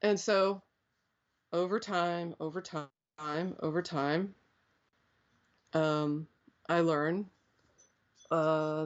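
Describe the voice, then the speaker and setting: Woman telling stories, rambling with fillers. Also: deep voice. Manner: rambling, many fillers and restarts. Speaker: interview guest. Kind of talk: reflective storytelling. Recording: dull lo-fi sound.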